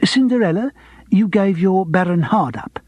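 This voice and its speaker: A man's voice: high-pitched, expressive, normal speed, darkish tone, no echo, pitched above the performer's own voice. A man voicing a fussy, flustered male pianist who stammers and is overly familiar. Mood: eager.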